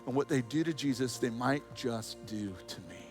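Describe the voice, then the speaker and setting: A man's voice: mid-range voice, normal speed, music in the background. A man preaching a sermon as pastor, telling a Bible story with humorous asides and acted-out voices. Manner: animated storytelling, acts out voices and a rooster crow.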